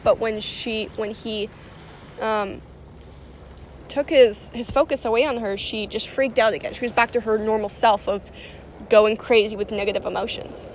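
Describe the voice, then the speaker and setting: A woman's voice: fairly high pitch, fairly even intonation, moderate pace, a little hiss or hum. A young woman rambling casually about spiritual energy and self-healing, with lots of fillers and restarts.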